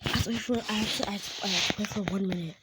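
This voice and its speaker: A woman giving casual commentary while playing a video game, excitable and prone to sudden screams. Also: medium pitch, very fast, heavy background noise. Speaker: gaming channel host.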